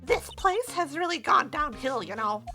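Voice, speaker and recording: A cranky old security lady who croaks and scolds every young visitor, as a woman puts her on for a game. She grumbles about youths in a high, swooping voice, bright and sharp. She lingers over her words. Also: expressive, moderate pace, faint music behind, full character voice. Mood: gossipy. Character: cranky nosy old female studio security guard.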